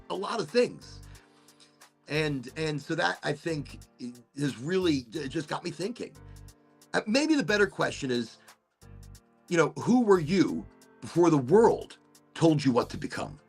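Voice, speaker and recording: Guy hosting a podcast, gravelly and kinda raspy, swings his pitch all over while he muses. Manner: rambling, musing, casual swearing. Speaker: podcast host. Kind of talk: casual reflective monologue.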